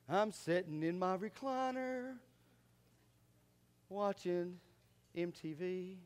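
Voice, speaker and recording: A man preaching a sermon, animated, moving between quiet asides and loud shouts. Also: high-pitched, unhurried, long pauses. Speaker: pastor.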